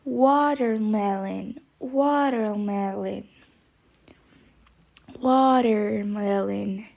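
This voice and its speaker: A woman's voice: mid-range voice, extremely slow, vocal fry, a little mellow. A woman teaching English vocabulary, saying each word several times and spelling it out letter by letter. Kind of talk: vocabulary lesson, slow spelling drills.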